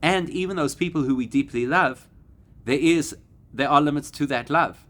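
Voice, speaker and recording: A man, a rabbi, giving a Torah class to a live audience, animated and climbing to emphatic peaks. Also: fairly high pitch, normal speed. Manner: animated, rising to emphatic peaks and acting out quoted voices.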